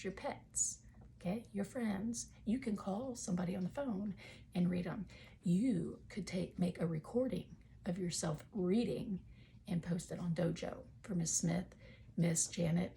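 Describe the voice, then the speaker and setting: A woman's voice: on the low side, vocal fry, mellow, slight background noise. A woman teaching a phonics lesson to young children from home, talking in a patient, encouraging way.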